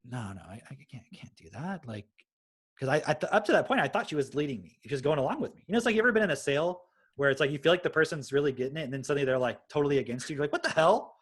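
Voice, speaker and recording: Podcast host, man in his thirties, husky voice, fast animated storytelling with swearing. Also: fairly high pitch. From Texas. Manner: swears freely, animated retelling. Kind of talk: casual storytelling chat.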